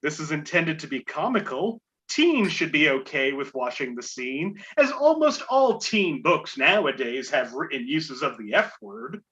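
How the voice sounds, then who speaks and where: Man, game show host, casual podcast, lively pitch, bright tone, reads clues, playful asides. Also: measured pace, hardly any pauses, dull audio.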